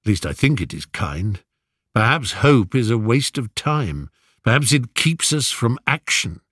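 An earnest young prince speaks in a raised, urgent voice that swings between eagerness and gloom, as a male narrator puts him on. The storybook delivery is unhurried despite the emotion, and the sound is dry and close. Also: mid-range voice, big pitch swings, fairly bright tone, slightly rough, no echo, full character voice.

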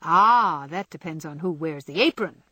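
A woman voicing a playful young gentleman in a storybook reading, bantering with mock indignation. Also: low voice, lively intonation, moderate pace, slightly rough, dry recording, exaggerated voice. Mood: teasing. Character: young gentleman, teasing and gallant.

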